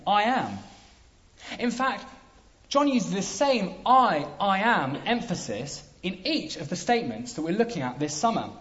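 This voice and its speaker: Animated preacher delivering a sermon. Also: male voice, sits high. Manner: emphatic, lively delivery with dramatic pauses. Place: church hall. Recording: dull lo-fi sound.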